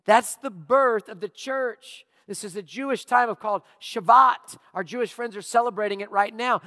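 High-voiced preacher in a reverberant hall. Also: male voice. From Louisiana. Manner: animated storytelling preacher, drawn-out emphasis. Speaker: pastor. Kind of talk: sermon. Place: church auditorium. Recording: long reverb of a church hall.

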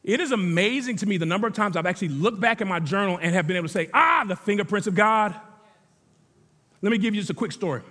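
A man with a notably high voice preaches to his congregation in a casual, talky way, leaning on repetition to drive his points home. His voice rings out with a long reverb tail, as if filling a big sanctuary. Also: racing, few pauses, fairly bright tone. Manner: conversational preaching with emphatic repetition. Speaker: pastor. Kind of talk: sermon.

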